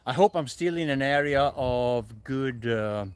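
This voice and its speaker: A man's voice: medium pitch, unhurried, clear, resonant tone, no room sound. A man live streaming from a forest, chatting with viewers in a rambling, self-correcting way, a little out of breath. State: slightly out of breath. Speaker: livestreamer. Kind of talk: casual live stream chat. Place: forest outdoors.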